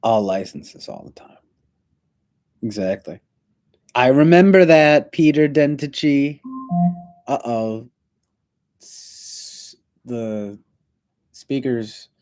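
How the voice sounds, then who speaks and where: A man's voice: mid-range voice, slow pace, long pauses, a little mellow. A man from the United States streaming, chatting casually with rambling, laid-back, mumbled asides.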